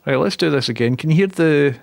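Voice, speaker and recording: A man's voice: a little high, quick pace, vocal fry, no room sound. Sweary Glaswegian man, dry close mic. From Scotland. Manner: sweary, muttering at tech troubles. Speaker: streamer. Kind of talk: casual live-stream chat.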